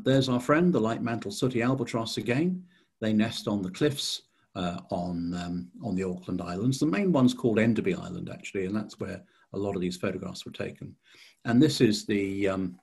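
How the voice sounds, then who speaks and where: Gravelly low-voiced man giving a talk. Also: a little mellow. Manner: hesitant, many fillers and restarts. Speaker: society chairman giving a talk. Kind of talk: illustrated slide talk.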